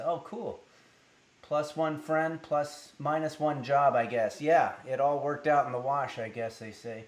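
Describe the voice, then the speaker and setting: A man livestreams casually from home, rambling at his desk microphone and reading viewer messages aloud, filler words everywhere. His mid-range voice is unhurried, and the recording is reverberant.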